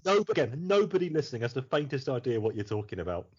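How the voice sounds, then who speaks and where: A man's voice: medium pitch, sing-song, fast talker, darkish tone, slightly rough. A man hosting a podcast in casual chat, rambling and laughing often, with some swearing. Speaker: podcast host. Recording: muffled lo-fi podcast audio.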